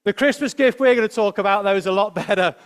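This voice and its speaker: A man giving a lively children's talk at a Christmas service, asking the children questions as he preaches. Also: sits high, fast talker.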